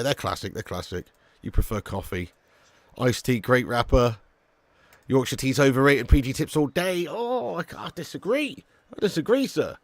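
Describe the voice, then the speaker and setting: A man's voice: mid-range voice, no room sound. A man hosting a live watch-along, reading out viewer comments in loose, joking banter with frequent swearing and chuckles. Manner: laid-back banter, swears freely, chuckles often.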